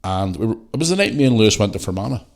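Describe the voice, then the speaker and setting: A man's voice: fairly low pitch, lively intonation, racing, a little mellow. Blunt, sweary Northern Irish man ranting. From Northern Ireland. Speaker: podcast host. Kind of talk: casual podcast rant.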